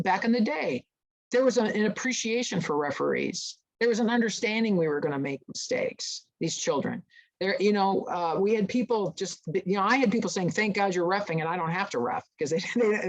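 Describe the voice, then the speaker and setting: A middle-aged woman, a volleyball referee official, telling stories in a casual interview and acting out the voices of the people she quotes. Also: rough recording. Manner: animated storyteller, acts out quoted voices with big pitch jumps.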